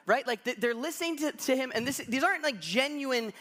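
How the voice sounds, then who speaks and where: A man delivers a sermon as pastor, telling a story with animated energy and casual asides to the congregation. His voice sits high for a man. It has a bright, forward edge. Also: brisk, hardly any pauses. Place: church.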